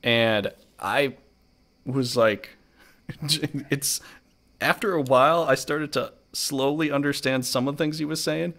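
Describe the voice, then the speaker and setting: A man's voice: mid-range voice, measured pace, fairly bright tone. A man hosting a casual podcast chat, telling rambling stories with many fillers. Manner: rambling, filler-heavy storytelling. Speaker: podcast host.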